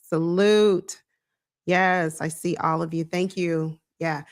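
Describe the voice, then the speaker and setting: A woman hosting a sports live stream, greeting viewers by name in a relaxed, earnest chat. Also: fairly low pitch, slow.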